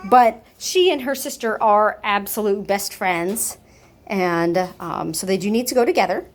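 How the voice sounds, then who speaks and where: A woman's voice: medium pitch, a little slow. A woman chatting casually in an adoption video, talking up kittens and cooing baby talk to them, with cats meowing nearby at home. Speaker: cat foster and adoption volunteer.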